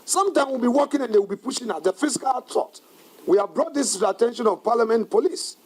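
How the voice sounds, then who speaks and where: A man, a parliamentary caucus leader giving a measured, deliberate press conference statement that turns emphatic and defiant. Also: extremely high pitch, lively intonation, breathy edge, low-quality recording.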